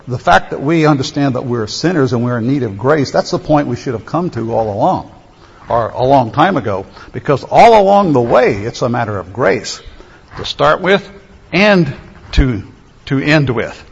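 Man preaching, emphatic, slow drawn-out phrases, dull lo-fi recording with reverb. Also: mid-range voice, husky. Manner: emphatic, stretches key phrases slowly. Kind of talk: sermon. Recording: echoey hall, dull lo-fi sound.

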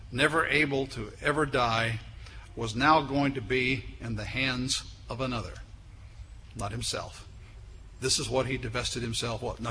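A man preaching a sermon, building emphatically to forceful peaks and then dropping low. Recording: echoey hall with faint noise.

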